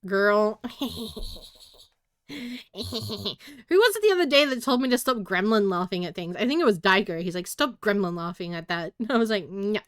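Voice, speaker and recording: A woman's voice: medium pitch, expressive, normal speed, pauses often, dry recording, clean studio sound. A giggly, hyper Australian woman rambling in casual live-stream chat as a streamer.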